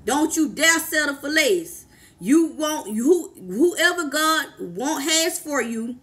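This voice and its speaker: A woman's voice: sits high, a bit bright. A woman life coach, preaching to camera with fervent, repetitive exhortations and calls of "come on, somebody".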